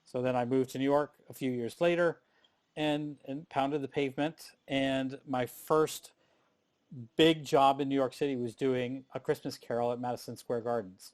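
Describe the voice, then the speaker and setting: A middle-aged man on a panel, telling stories from his performing career in a lively, casual way with frequent restarts. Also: medium pitch, normal speed, clean tone. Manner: animated storyteller, frequent restarts.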